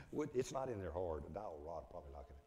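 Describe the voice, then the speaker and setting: A man's voice: deep voice, big pitch swings, fast, warm tone. An older man with a northwest Florida accent, giving a live woodturning demonstration in a folksy, step-by-step way. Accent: northwest Florida Southern. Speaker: woodturning instructor. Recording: echoey hall with faint noise.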